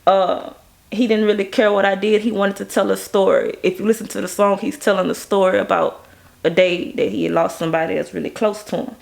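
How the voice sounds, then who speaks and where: Woman, gravelly voice at an ordinary pitch, lively casual interview storyteller. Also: fairly quick. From Baton Rouge, Louisiana. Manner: animated, acts out quoted people in a higher voice. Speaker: music video director.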